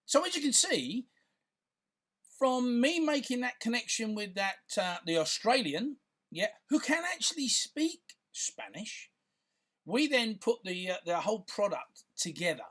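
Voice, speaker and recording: A man's voice: high-pitched, very animated, normal speed, fairly bright tone. A man, a filmmaker talking casually to camera in a rambling, chatty way, full of fillers and restarts. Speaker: filmmaker and content creator.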